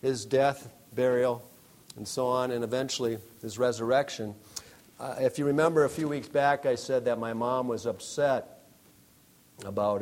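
A middle-aged man preaching a sermon, telling a story with frequent laughs before turning to scripture. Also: mid-range voice. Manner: storytelling, animated, laughing often. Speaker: pastor.

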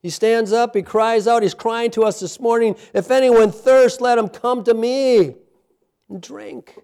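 Impassioned high-voiced pastor. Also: male voice, steady tone, measured pace, gravelly, smooth. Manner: impassioned, rising to near-shouts in sermon, hushed in prayer. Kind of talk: sermon with closing prayer. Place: church sanctuary.

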